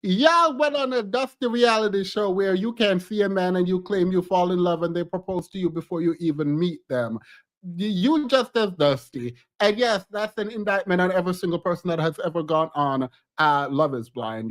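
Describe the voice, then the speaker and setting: A man streaming reaction commentary on reality TV clips, exasperated and ranting, repeating words for emphasis. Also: a little high.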